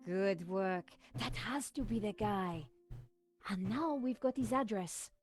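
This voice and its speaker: A woman's voice: mid-range voice, slow, soft background music, natural voice. An actress voicing a poised young French woman investigator, direct and polite, with a French accent.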